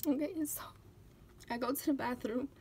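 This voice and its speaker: A young woman with a high voice, talking to her camera while trying not to cry. Her words break and waver with tears. Faint background noise sits under her voice. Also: fairly even intonation, normal speed, mellow. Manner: tearful, breaking down while telling a story. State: crying. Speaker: vlogger. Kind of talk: emotional personal vlog.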